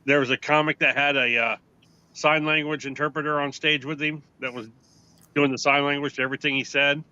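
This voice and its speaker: A man's voice: on the high side, little pitch movement, brisk, sharp tone, smooth, dry recording, lo-fi sound. A man joking around in casual chat among friends, telling crude, profane, rambling anecdotes. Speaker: podcast co-host.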